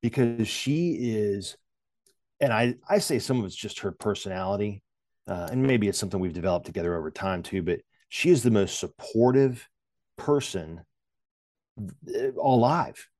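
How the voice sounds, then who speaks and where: A man with a very low, deep voice speaks in a loose, rambling way, full of fillers and restarts. He jokes about himself as he talks through his story. The sound is dry and close, with no room around it. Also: expressive, normal speed, a little mellow, no room sound. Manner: self-deprecating humor. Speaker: podcast guest. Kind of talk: casual conversational interview.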